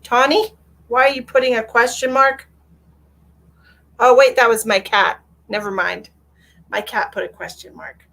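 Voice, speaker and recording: A woman's voice: on the high side, fairly even intonation, a little slow, gravelly, long pauses, fairly bright tone. A woman psychic medium on a live stream, answering viewer comments in a blunt, lecturing way and repeating phrases for emphasis. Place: at home with her cat.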